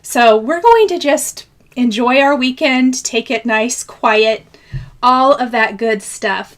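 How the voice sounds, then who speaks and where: Midwest lady on a live craft stream, high voice, reads out viewer names and laughs a lot. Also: unhurried, a bit bright. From American Midwest. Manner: chatty, greets viewers by name, laughs often. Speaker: craft channel host.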